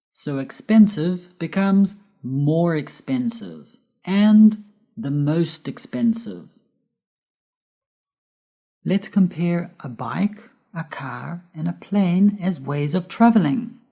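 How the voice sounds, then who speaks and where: A woman whose first language is Spanish, reading a scripted grammar lesson slowly and deliberately, spelling out letters and stressing key words. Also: sits low, animated, mellow. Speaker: English teacher.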